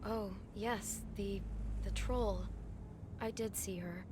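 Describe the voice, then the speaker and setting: Young female desk clerk played by a woman; anxious, secretive, stumbling answers, mid-pitch. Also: fairly even intonation, slow pace, lightly acted. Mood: nervous. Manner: hesitant, defensive. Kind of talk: video game acting. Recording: game audio over ambient noise.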